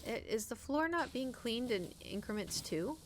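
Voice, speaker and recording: A woman's voice: fairly high pitch, moderate pace, slight background noise. A woman streamer chatting casually while she plays, rambling and swearing as she tells stories. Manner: rambling, profane, animated storytelling. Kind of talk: casual chat while gaming.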